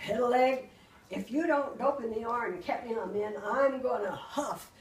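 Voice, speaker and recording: A woman doing a loud demanding big bad wolf. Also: fairly high pitch, unhurried, close to an everyday voice. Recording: roomy, from a distance.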